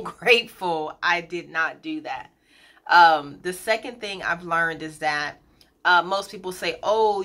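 A woman in her thirties talking to her viewers in a candid, chatty vlog, pausing often with fillers. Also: fairly low pitch, pushed and bright. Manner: chatty, candid, gets emotional, many fillers. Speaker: colon hydrotherapist and business owner.

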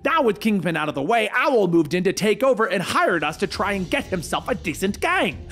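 A man voicing Electro, a loud, hot-headed male supervillain who shouts and taunts. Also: sits high, very animated, a little fast, faint music behind, full character voice. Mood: angry, taunting.

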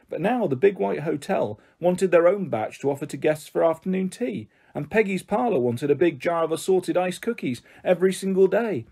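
A man's voice: a little high, gravelly, mellow, slightly rough. A man reading a children's storybook aloud, narrating expressively. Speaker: audiobook reader.

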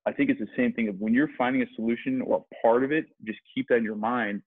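A man's voice: medium pitch, steady tone, fast talker, husky, dry recording. A man, a sales rep, talking casually as a podcast guest, rambling with many restarts. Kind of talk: conversational interview. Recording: tinny phone-like line, dry.

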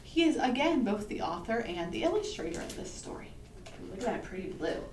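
In this toddler storytime, a woman librarian reads a picture book aloud in a fairly high, slightly mellow voice that swings widely in pitch and moves fairly quickly. Her sing-song delivery invites the little ones to join in. The recording is roomy and distant, with faint ambience and a little hiss or hum.

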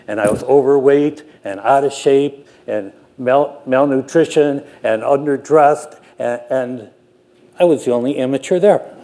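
An older man, a production manager, telling a self-deprecating story with frequent halting restarts. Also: mid-range voice, warm tone. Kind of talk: anecdotal storytelling talk.

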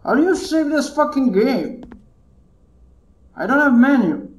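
A man's voice: very high voice, expressive, measured pace, echoey room, low-quality recording. A man commentating his own horror gameplay, jumpy and muttering curses to himself. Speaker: gamer playing a horror game.

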